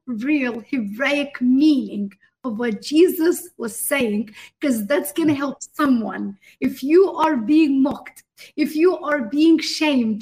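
A woman's voice: high voice, a little mellow. A woman guest minister answering in an interview with a fervent, emphatic preaching manner, speaking straight to the host.

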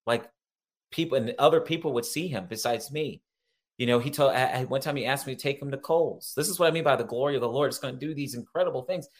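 A man of ordinary pitch tells his story with mounting excitement. He laughs easily, restarts his sentences and repeats his words. He speaks as a pastor in a relaxed interview. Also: fast. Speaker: pastor and guest. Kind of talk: animated personal storytelling.

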